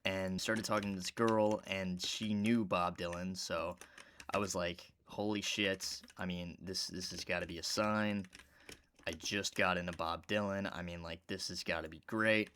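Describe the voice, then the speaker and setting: A man with a low voice tells a meandering story while he plays a video game at his computer. He talks casually and rambles, now and then breaking into loud outbursts at the game. Faint keyboard clicks sit under his voice. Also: steady tone, measured pace, slight background noise. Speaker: gaming YouTuber.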